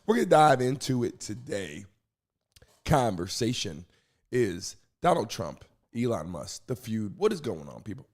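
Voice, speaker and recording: A man hosts a live stream show, greeting viewers in the chat with casual energy even though he's hoarse from losing his voice. His pitch is fairly low with big swings, and he doesn't rush.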